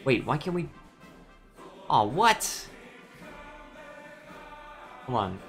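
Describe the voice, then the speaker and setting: A man's voice: mid-range voice, sing-song, very slow, gravelly, fairly bright tone, faint music behind. A man streaming a strategy game, musing aloud with hesitant restarts while reading chat messages.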